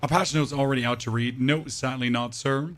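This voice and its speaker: Brief: male game streamer, flat monotone chat, medium pitch, casual. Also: fairly quick. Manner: monotone, dry delivery. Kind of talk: casual live-stream chat while gaming.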